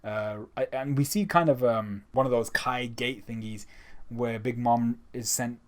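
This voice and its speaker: A man's voice: mid-range voice, fairly even intonation, measured pace. A man giving a casual, enthusiastic spoken review of a comic chapter, talking conversationally. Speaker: manga reviewer.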